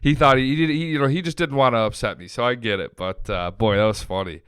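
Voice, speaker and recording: A man's voice: medium pitch, steady tone, quick pace, fairly bright tone, smooth, no room sound, clean studio sound. A man in his late twenties hosting a sports podcast, telling a loose, funny story with plenty of swearing. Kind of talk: casual sports chat.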